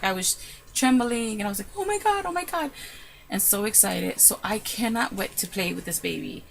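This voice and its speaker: Chatty woman with a gravelly edge. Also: medium pitch, a little hiss or hum, rough recording. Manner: chatty, excitable, retells with quoted asides. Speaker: crafting vlogger. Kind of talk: casual storytelling vlog. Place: her room at home.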